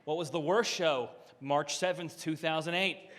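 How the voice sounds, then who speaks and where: A man's voice: a little high, a little slow, big-room sound, background noise. A man performing a stand-up comedy set, telling stories with punchy asides and acting out what people said. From Philadelphia area. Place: country club room, live audience.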